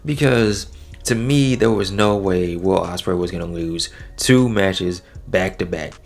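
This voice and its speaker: A low-voiced man talks through a wrestling episode in a relaxed, slangy way. He sounds like he is chatting with friends. His pitch jumps up when he gets excited. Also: unhurried, creaky. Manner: laid-back slangy talk, animated swings in pitch. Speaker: wrestling show reviewer. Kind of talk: casual solo review recap.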